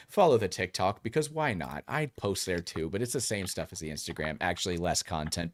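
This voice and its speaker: A man co-hosting a casual sports podcast, talking energetically with lots of fillers. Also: low voice. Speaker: podcast co-host.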